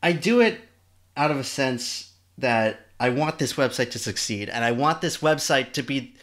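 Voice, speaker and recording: A man co-hosting a casual podcast, with a bright, forward tone. He speaks earnestly and articulately and slips in wry jokes. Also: mid-range voice, expressive, moderate pace. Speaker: podcast co-host.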